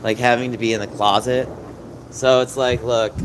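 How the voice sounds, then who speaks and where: A man in his thirties talks with his viewers as he walks through the city at night. His voice sits at a middle pitch, with clear street and traffic noise behind it. He sounds chatty and openly emotional while he answers comments. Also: flat delivery, moderate pace, low-quality recording. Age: 30s. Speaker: livestreamer. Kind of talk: casual livestream chat.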